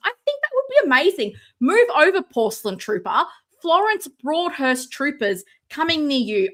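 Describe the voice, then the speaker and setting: A woman hosting a live stream from home, chatting casually, excitable and sarcastic, sometimes shouting. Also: high voice. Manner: excitable, sarcastic, loud at times. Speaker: livestream host. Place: home room with ring light. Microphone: no mic close by, computer setup.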